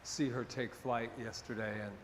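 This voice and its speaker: A man's voice: mid-range voice, little pitch movement, moderate pace. A man serving as minister, talking casually and jokingly to his congregation during a Sunday service. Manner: chatty and joking, rambles off-topic. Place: church sanctuary with a congregation. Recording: reverberant hall, faint background noise.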